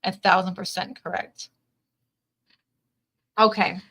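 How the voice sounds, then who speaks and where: A woman's voice: lowish voice, steady tone, takes it slowly, creaky, fairly bright tone, breathy edge. A woman reading tarot on a live stream, who repeats her phrases and reads viewers' comments aloud. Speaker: tarot reader.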